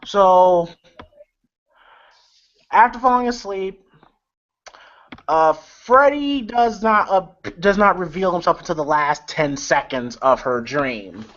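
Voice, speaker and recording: A man's voice: high-pitched, lively intonation, slow, pauses often, fairly bright tone. A man recapping a film in a loose, rambling way, with lots of fillers, swearing and chuckles. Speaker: movie reviewer. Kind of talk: casual movie recap. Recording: lo-fi with faint noise.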